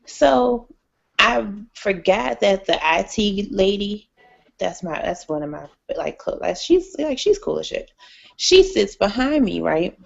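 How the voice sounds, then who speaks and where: A woman co-hosting a casual podcast, an animated storyteller who acts out the people in her stories. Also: mid-range voice, measured pace, gravelly, muffled recording. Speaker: co-host.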